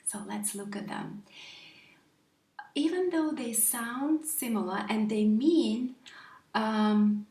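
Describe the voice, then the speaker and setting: A woman's voice: on the high side, slow, long pauses, mellow, reverberant, distant mic. A woman teaching English grammar to viewers in a patient way, often stopping to ask them questions.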